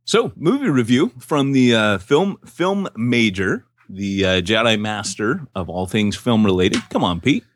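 A man co-hosting a podcast, telling stories in an animated, jokey way. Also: lowish voice, measured pace, hardly any pauses, dry recording, studio quality. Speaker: podcast co-host. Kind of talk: casual chat.

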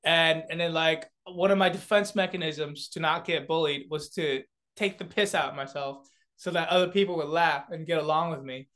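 A man's voice: a little high, steady tone, moderate pace, fairly bright tone. A young man from South Korea, a comedian and beatboxer, chatting as a guest with lots of fillers, restarts and laughter. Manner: rambling, many filler words and restarts, laughs often. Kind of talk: casual interview chat.

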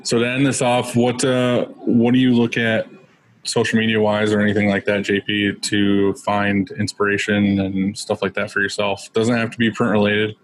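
A man's voice: fairly low pitch, completely flat delivery, moderate pace, rough recording. A man co-hosting a podcast, chatting casually with lots of "like" fillers. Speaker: podcast co-host.

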